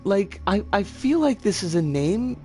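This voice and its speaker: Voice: medium pitch, sing-song, measured pace, mellow, soft background music. A streamer talking through a live game session, reading chat aloud, with frequent stammered restarts and mild swearing. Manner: chatty, self-correcting, reads chat aloud.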